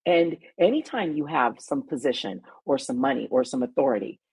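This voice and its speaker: A middle-aged woman with a low, gravelly voice, rough and very husky, tells a story in a casual, animated way. She restarts her sentences and throws in emphatic asides. Her voice is recorded close and dry, with no room sound. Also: fairly quick, no echo. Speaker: talk show host and panelist.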